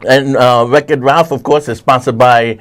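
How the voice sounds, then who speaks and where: A man's voice: mid-range voice, steady tone. Rambling man chatting about movies. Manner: rambling, frequent restarts and fillers, self-corrects; puts on quick voices when retelling scenes. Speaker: host. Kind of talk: casual chat about movies and TV.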